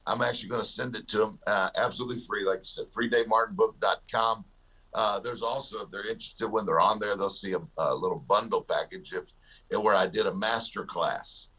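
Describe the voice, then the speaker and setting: A man's voice: fairly low pitch, steady tone, a little fast, bright, forceful tone, husky. A man, a guest author and success coach, talking in an interview and telling jokey stories with a laugh. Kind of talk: storytelling interview talk.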